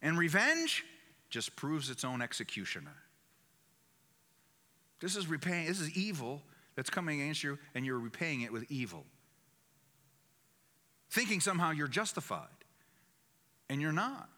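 A man's voice: a little high, sing-song, a little slow, long pauses, bright, forceful tone. A man preaching a sermon in an emphatic way, repeating key phrases for weight. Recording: echoey hall.

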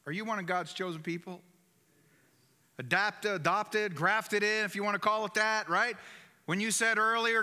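A man's voice: high-pitched, normal speed, bright, forceful tone. A man preaching a sermon in an emphatic way, repeating key phrases for weight. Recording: echoey hall.

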